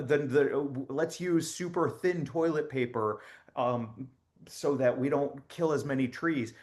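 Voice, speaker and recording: A man playing a chipper, rambling spokesman for a spy agency in a satirical comedy monologue, offhand and deadpan with many fillers. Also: on the high side, close to an everyday voice.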